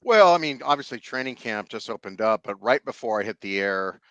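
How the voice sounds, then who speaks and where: A man in casual podcast chat, telling self-mocking stories with a lively voice that rises and falls all over. He sits close to a studio microphone in a dry, dead-sounding room with no echo at all. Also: on the low side, brisk, lo-fi sound. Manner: animated, self-mocking storyteller. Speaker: sports radio host.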